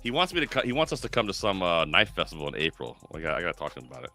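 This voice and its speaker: Fast-talking excitable man host. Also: sits low, faint music behind. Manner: animated, swears a lot, quotes people in put-on voices. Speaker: podcast host, chef. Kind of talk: casual chat.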